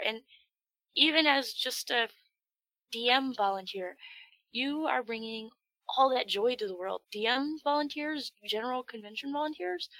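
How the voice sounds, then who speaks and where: A woman with a bright, forceful voice sitting a little high in her range, chatting as a guest on a podcast. She tells stories with animated energy and breaks into laughter easily. The sound is close and dry, straight into the microphone. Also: dry recording, low-quality recording. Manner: animated storyteller, laughs often. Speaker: guest, organized-play event organizer. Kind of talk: casual podcast interview.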